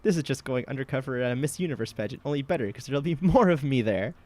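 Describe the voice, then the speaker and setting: A man's voice: medium pitch, animated, very fast, darkish tone. A man casually playing a video game with a friend, laughing often and reading game text aloud. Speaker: game streamer.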